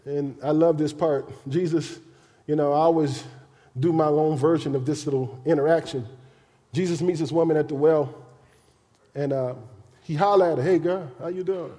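A male pastor preaches in a loose, animated way and slips into the voices of the people he talks about. His tone is mellow and a bit high for a man. Long reverb from the hall trails after each phrase. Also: normal speed, long pauses. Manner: animated, colloquial, acts out voices. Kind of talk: sermon.

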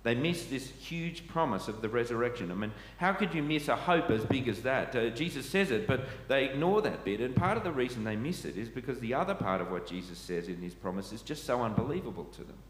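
A man's voice: medium pitch, animated, brisk, few pauses. A man preaching a sermon, earnest and asking his listeners questions. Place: church. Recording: echoey church hall, faint ambient noise.

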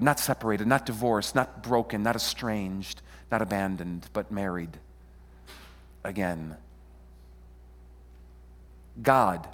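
A middle-aged man preaching a sermon as pastor, animated and playful, often questioning and joking with his congregation. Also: lowish voice, in a large hall. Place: church sanctuary.

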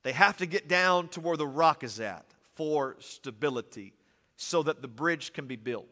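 A male pastor preaching a sermon, animated, with humorous asides and swings from loud to soft. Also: on the high side, normal speed. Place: church sanctuary. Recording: long reverb of a church hall.

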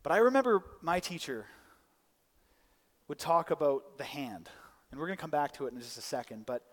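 A man's voice: fairly high pitch, animated, a little fast, big-room sound. A man preaching a conversational sermon, often restarting and adding side notes. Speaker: pastor. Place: church.

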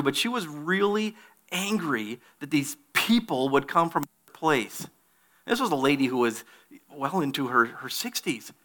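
Bright-voiced male pastor preaching. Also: a little high. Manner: reads scripture aloud, then preaches with animated put-on voices. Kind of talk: sermon.

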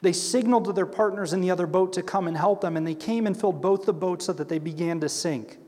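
Fast and high-voiced with a slightly mellow quality, this Bible teacher reads scripture aloud and unpacks it in a conversational style. He acts out quoted figures with a shifting voice, often checks in with "right?", and echoes in long hall reverb.

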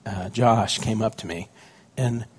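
A man's voice: lowish voice, unhurried, breathy edge. A man, a pastor, preaching a conversational sermon with stories about his young children, often asking the congregation questions.

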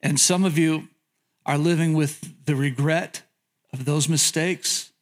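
A man's voice: fairly high pitch, steady tone, slow pace. A man pastor preaching a sermon, telling humorous stories, questioning the audience, and often repeating words as he goes. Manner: frequent word repetitions.

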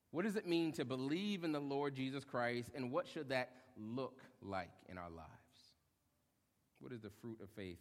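A young adult male pastor preaching a sermon, lively, acting out short quotes and joking with the congregation. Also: medium pitch. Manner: animated, acts out short quotes, jokes with congregation. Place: church hall. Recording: long hall reverb.

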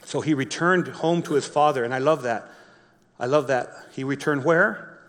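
A man preaching a sermon, reading a Bible story slowly and explaining it in his own words with frequent restarts. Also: medium pitch, fairly bright tone, long reverb tail. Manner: reads scripture slowly, then explains with repeated restarts. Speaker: pastor.

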